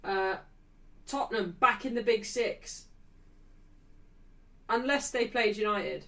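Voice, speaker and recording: A woman's voice: fairly high pitch, slow, pushed and bright, far from the mic, rough recording. Sweary, ranting woman streamer. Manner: heavy swearing, ranting, addresses chat. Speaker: streamer hosting a football watchalong. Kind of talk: casual live-stream chat.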